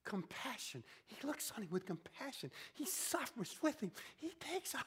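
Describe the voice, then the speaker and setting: A preacher delivering a sermon as dramatic storytelling, swinging between loud exclamations and hushed, whispered passages. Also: mid-range voice, big pitch swings, normal speed, few pauses, husky.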